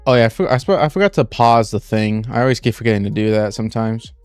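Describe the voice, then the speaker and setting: A young man with a fairly low, smooth voice chats casually on a live stream, talking his way through every step and filling gaps with "like" and restarts. His voice is close and dry, with faint music playing underneath. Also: fast, a little mellow, no room sound. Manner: rambling, full of "like" and restarts, talks through each step aloud.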